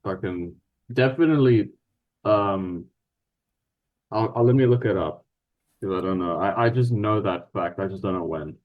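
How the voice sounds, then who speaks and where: Male guest, Afrikaans accent, halting with many restarts, salty language. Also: lowish voice, phone-quality sound. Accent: Afrikaans South African. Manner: hesitant, restarts, swears. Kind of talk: casual chat.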